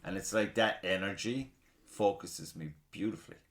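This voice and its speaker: A man's voice: sits low, normal speed. A man hosting a podcast, chatting casually, swearing freely and mocking himself. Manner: swears freely, animated and self-mocking, with frequent laughs. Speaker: podcast host. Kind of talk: casual chat. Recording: roomy echo.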